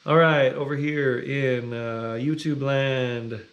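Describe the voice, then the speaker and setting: Gravelly, unhurried man hosting a livestream; relaxed, reads out viewer greetings. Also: mid-range voice, dull audio. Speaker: livestream music host. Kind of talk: casual chat reading viewer comments.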